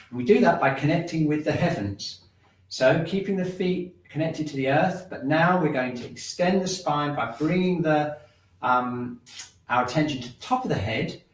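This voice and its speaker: A man teaching a shiatsu and qigong class, calmly cueing breathing and movement and checking in with "okay?" as he goes. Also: fairly high pitch. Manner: calm, repetitive cueing with frequent "okay?" check-ins. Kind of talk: guided breathing exercise class. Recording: roomy sound, mic at a distance.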